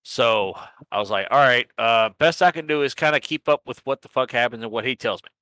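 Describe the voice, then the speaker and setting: A man's voice: medium pitch, a little fast, pushed and bright, clean tone, dry recording. A man recapping a sim racing season in a casual, rambling chat, swearing freely and laughing at himself. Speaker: sim racing league organizer and podcast host.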